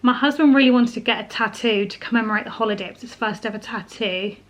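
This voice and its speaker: A young woman from England talks to her viewers in a casual home vlog. She is chatty and emotional, laughing and tearing up as she goes. Her voice sits a little high. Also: quick pace. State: teary, crying at times. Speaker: vlogger, homemaker. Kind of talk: casual chat to camera.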